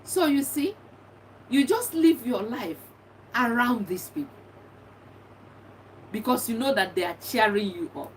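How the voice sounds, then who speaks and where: A woman's voice: fairly high pitch, expressive, unhurried, long pauses. A middle-aged woman, a bereaved mother, giving earnest and encouraging advice, often repeating herself. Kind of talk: personal testimony talk. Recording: distant mic with faint background noise.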